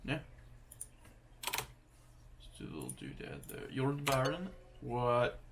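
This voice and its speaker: A young man thinking aloud as he practices a language lesson, sounding out foreign words haltingly. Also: mid-range voice, sing-song, gravelly, noisy background. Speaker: language learner.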